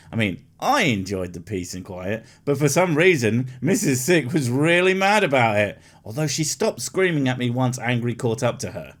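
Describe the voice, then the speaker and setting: A man giving sarcastic, mocking comedy commentary over a video. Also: medium pitch.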